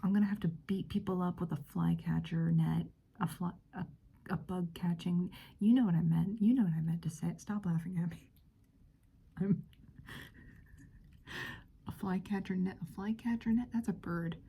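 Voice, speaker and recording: Mellow whispering woman, giggly whispered role-play. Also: lowish voice, fairly even intonation, normal speed, gravelly, slightly rough. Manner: soft whispering, giggly, rambling chatter. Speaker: friend hosting a visit in role-play.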